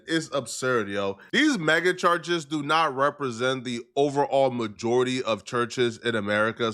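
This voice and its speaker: A man giving casual commentary to his viewers with an emphatic, conversational way of talking. His voice is bright and forceful, at an ordinary pitch. He keeps checking in with the listener as he goes. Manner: emphatic, conversational, asks "right?".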